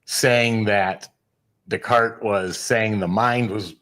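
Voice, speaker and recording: A man as a guest researcher, explaining at length in a measured, lecturing way. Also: lowish voice, fairly even intonation, fairly bright tone. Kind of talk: explanatory interview talk.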